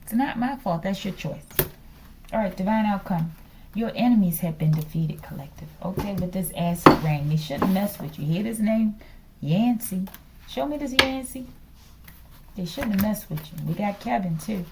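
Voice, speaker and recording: Gravelly-voiced woman giving a tarot reading. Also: mid-range voice, lively intonation, normal speed, heavy background noise. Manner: chatty and teasing, tags lines with a repeated "okay?". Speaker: tarot reader. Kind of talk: casual spiritual tarot reading.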